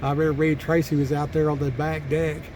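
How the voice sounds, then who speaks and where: Parked up on a mountain pass, a trucker tells meandering country stories for his vlog, drawling and often restarting or using fillers. He talks fast in a slightly high, slightly mellow voice with little pitch movement, and there's a bit of hiss or hum.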